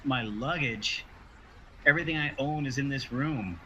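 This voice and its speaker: A man's voice: medium pitch, pushed and bright, highs cut off, a little hiss or hum, pitched above the performer's own voice, lightly acted. A man voicing a wary male resident who is hiding something and grows suspicious of visitors. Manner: suspicious, quick to shut down.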